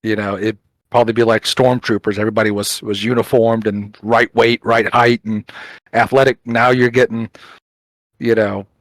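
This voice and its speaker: A man co-hosting a casual podcast, telling work stories with animated quoted dialogue and frequent fillers. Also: lowish voice, normal speed, dry recording, low-quality recording. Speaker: podcast co-host, police officer. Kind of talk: casual chat, storytelling.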